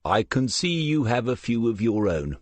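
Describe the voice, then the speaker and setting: A man's voice: mid-range voice, big pitch swings, normal speed, no echo, voice pushed up. A man reading the part of a polite, dogged police sergeant who speaks in a dry, understated way, in an audiobook.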